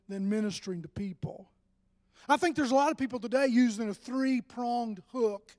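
An older man delivers a sermon in a notably high voice, speaking conversationally with frequent restarts before climbing into emphatic passages. His voice rings out with a long reverberant tail, as in a church hall. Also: darkish tone. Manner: conversational, with many restarts and rising emphatic bursts. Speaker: pastor.

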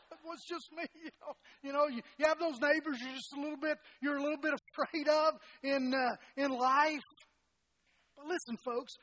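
A man's voice: very high voice, a bit bright, poor audio. A middle-aged man preaching a sermon as a pastor, folksy and self-deprecating, often restarting his phrases and peppering them with "you know". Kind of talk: sermon with personal stories.

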